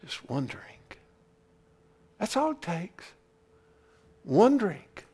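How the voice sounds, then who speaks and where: A man preaching a sermon into a camera, swinging from loud shouting to hushed whispers and repeating phrases for emphasis. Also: high voice, sing-song, very slow, long pauses, breathy edge. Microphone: camera he speaks into.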